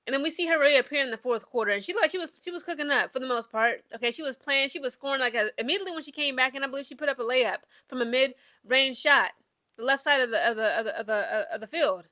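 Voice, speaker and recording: Woman sports vlogger, AAVE speech, high and bright, casual and chatty, heavy on fillers. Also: fast. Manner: chatty, animated, lots of fillers and asides. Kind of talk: casual sports recap chat.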